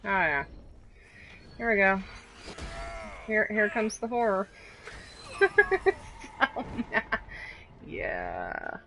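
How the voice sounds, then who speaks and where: A woman's voice: medium pitch, huge pitch swings, slow, long pauses, sharp tone, slight background noise. A woman streamer commenting live on her gameplay, exclaiming and laughing at the action, with sarcastic remarks. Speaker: streamer playing a video game.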